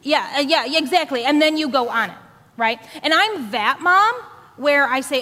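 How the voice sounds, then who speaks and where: A woman podcast host preaching a sermon, telling an animated story and acting out her children's voices. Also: high voice, fairly quick, a little hiss or hum. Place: church sanctuary. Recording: long reverb of a church hall.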